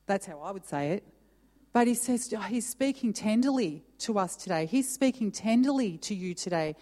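A woman preaching a sermon, reading scripture aloud with emphatic pauses and then talking it through for her church. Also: medium pitch, lively intonation, dark tone. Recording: long hall reverb.

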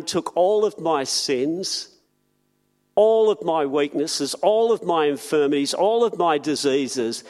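A man preaching a sermon in an earnest way, often repeating words and slowing down on key phrases. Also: on the high side.

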